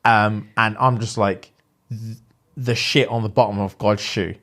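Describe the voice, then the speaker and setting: A young man telling a story as a podcast co-host, slangy and animated, acting out what people said. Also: lowish voice, unhurried. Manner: animated, slangy, acts out quotes. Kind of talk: casual storytelling chat.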